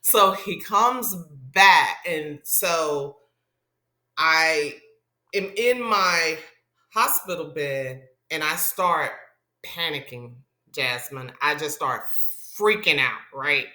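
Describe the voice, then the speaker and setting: A woman's voice: deep voice, slow pace, pushed and bright, roomy sound. A middle-aged woman, a radio personality, telling a personal story in a casual interview and acting out the people she quotes.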